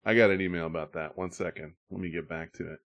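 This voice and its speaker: A man's voice: deep voice, steady tone, fast, a bit bright. A man hosting a casual podcast, joking with co-hosts and reading listener emails aloud. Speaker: podcast host.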